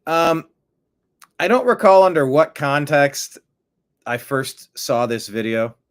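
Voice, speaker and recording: A man of middle pitch hosts a casual commentary show from a home desk. He speaks slowly with a lively, rising and falling voice. He breaks off often to chat with his cat. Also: smooth. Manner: chatty, talks to his cat between stories. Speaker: host.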